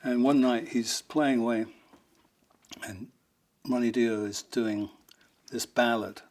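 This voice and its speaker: A man's voice: mid-range voice, steady tone, slow, a little mellow. A man, a rock guitarist, telling fond, rambling anecdotes in an interview, amused and laughing now and then.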